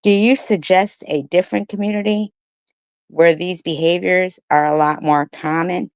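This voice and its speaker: A woman streamer reads comments aloud and tears into her critics with profane, mocking sarcasm and rhetorical questions. Her voice is on the low side with fairly even intonation at a normal speed, recorded with no room sound.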